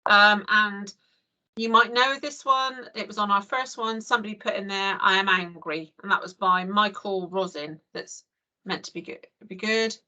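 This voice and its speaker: A woman's voice: medium pitch, fairly even intonation, moderate pace, pushed and bright. Chatty English woman leading online training. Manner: chatty, many "you know" fillers. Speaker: early years trainer. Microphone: video call.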